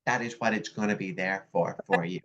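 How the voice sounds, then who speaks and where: A woman life coach giving an upbeat, animated online workshop presentation over a video call. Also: extremely low pitch, a little fast. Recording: dull lo-fi video call audio.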